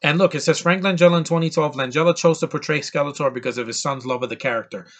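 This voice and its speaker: An eager man talks through a film review off the cuff. His voice sits a little high for a man, and he trips over his own words as his enthusiasm runs ahead of him. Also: fast talker, fairly bright tone. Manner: rambling and enthusiastic, with frequent restarts. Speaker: movie reviewer. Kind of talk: casual spoken film review.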